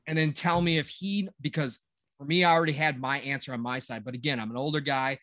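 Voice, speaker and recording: A man's voice: mid-range voice, fairly even intonation, fast, fairly bright tone, no room sound. A man in his forties co-hosting a casual gaming chat, rambling with lots of fillers and a sarcastic edge. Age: 40s. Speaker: podcast co-host.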